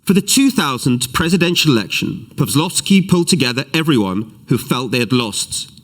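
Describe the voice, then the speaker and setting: A man giving a live-streamed lecture as an author, animated, with self-deprecating asides and readings from his book. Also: mid-range voice, brisk. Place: event hall, live streamed.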